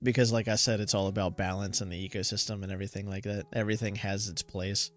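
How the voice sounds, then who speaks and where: A man's voice: on the low side, level tone, quick pace. Teasing, easygoing male podcast host. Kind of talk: casual chat.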